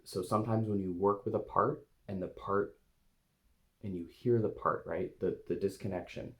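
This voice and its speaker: A man demonstrating a guided meditation to camera, talking gently and hesitantly with many pauses as he speaks to an inner part with his eyes closed. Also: lowish voice, fairly even intonation. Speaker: eating coach and video host.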